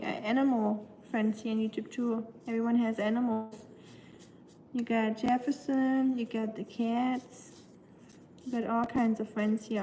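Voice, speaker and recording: A woman's voice: fairly high pitch, warm tone, a little hiss or hum, rough recording. A young adult woman with a Southern American accent and a nasal voice, chatting casually on a livestream from home. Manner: chatty, talks to her dog in a sing-song baby voice. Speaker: livestream host. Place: home kitchen.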